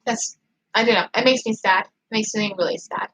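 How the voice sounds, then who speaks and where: A young woman hosting a casual livestream, chatting in an excited, emphatic way as she reads viewer comments. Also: fairly high pitch, moderate pace, slightly rough, rough recording. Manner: excited, emphatic, gushing fan talk. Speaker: livestream host.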